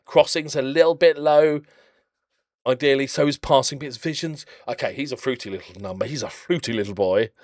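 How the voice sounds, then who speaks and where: A man's voice: mid-range voice, fairly quick, dry recording, clean studio sound. A man casually commentating on his own game footage, chatty and jokey, rambling off into blunt little rants. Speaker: game channel host.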